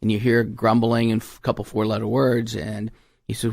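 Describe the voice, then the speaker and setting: A man's voice: fairly low pitch, little pitch movement, brisk, gravelly, a little mellow, dry recording, studio quality. A man, a tax advisor guest on a radio talk show, chatting in a folksy way and acting out his clients' lines as he tells stories. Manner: folksy storyteller, acts out client dialogue.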